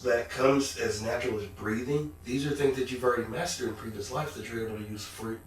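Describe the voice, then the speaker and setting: A man's voice: medium pitch, steady tone, a little fast. A man giving a spiritual talk, preachy and full of rhetorical questions and folksy asides. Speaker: spiritual speaker. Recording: very echoey room, distant mic.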